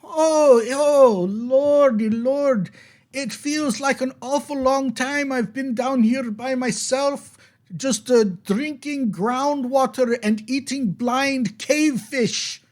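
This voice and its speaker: A game master voicing a seventeen-year-old young man trapped in a well, high and pleading, in a tabletop game. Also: slow pace, darkish tone. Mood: pitiful.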